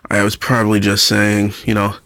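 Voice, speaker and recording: Chatty low-voiced man with gravelly fry. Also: monotone, moderate pace, fairly bright tone, no room sound. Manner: chatty, enthusiastic, frequent fillers. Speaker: Pokemon Go YouTuber. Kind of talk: casual vlog chat.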